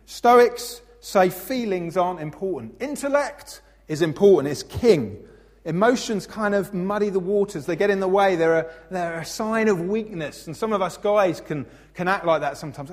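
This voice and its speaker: A man in his thirties preaching a sermon as pastor, expressive and playful, acting out voices in his stories. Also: sits high, moderate pace. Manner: expressive, acts out funny voices in anecdotes. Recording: long hall reverb.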